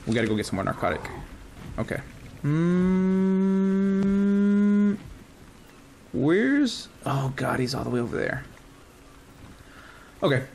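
Gravelly, excitable male gamer. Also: on the high side, takes it slowly, long pauses, slight background noise. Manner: excitable, chats to the creatures he tames. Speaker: gaming channel host. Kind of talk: casual let's-play commentary.

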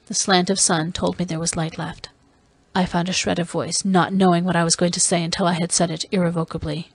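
A woman reading a novel aloud in first person, steady and even. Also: fairly low pitch, moderate pace, no echo. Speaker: audiobook reader.

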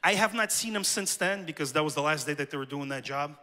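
A man's voice: a little high, fast talker, sharp tone, big-room sound. A man preaching a sermon to his church, telling personal stories and speaking directly to the congregation. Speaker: pastor. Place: church sanctuary.

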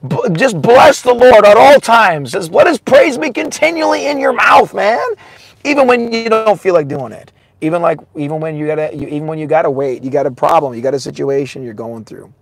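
A man preaching a sermon in a casual, excitable way, often laughing, swinging between shouts and hushed asides and saying "man" a lot. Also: a little high, a little fast, gravelly, breathy edge.

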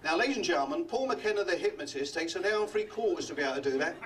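Older man from London, comedy magician, high voice, teasing club banter, distant mic. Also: expressive, a bit bright, a little hiss or hum. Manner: chatty, teasing the audience with quick gags. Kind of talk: live club comedy act. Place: function room of a hotel.

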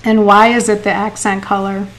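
Reading chat comments aloud and laughing frequently, a chatty middle-aged woman teaches watercolor painting on a live stream. She speaks at a normal speed in a mid-range voice with little pitch movement. There's a bit of hiss or hum, and the recording is rough overall.

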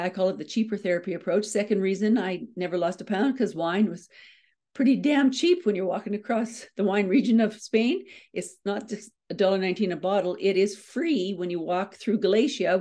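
A middle-aged woman, a motivational speaker, telling a story with fast, self-mocking humor and frequent laughs. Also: medium pitch, mellow. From Canada. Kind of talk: storytelling keynote talk.

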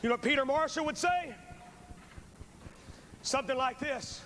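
Fairly quick and fairly bright, a very high-pitched man preaches as an evangelist at a revival service, urgently and fervently pleading with the crowd while repeating phrases. The talk is a revival sermon with an altar call. It comes from a poor VHS recording in a large church, with faint hiss and long hall reverb.

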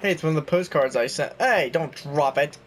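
A man's voice: a little high, a little fast, slight background noise. Chatty young man doing game commentary. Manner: chatty, self-mocking, reading aloud. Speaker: gaming YouTuber. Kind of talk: casual let's-play commentary.

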